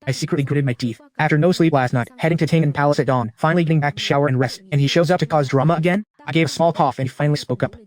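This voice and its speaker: A man reels off a comic romance recap at a rapid clip, his voice sitting a little high for a man. He keeps the telling slangy, wry and teasing throughout. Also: darkish tone. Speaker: story recap narrator. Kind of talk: fast comic story recap in first person.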